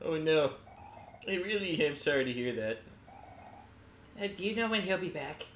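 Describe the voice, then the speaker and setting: A man's voice: fairly high pitch, lively intonation, moderate pace, fairly bright tone, a little hiss or hum, voice pushed up. A man voicing a friendly, eager young boy character, speaking earnestly with small hesitations, in an echoey room.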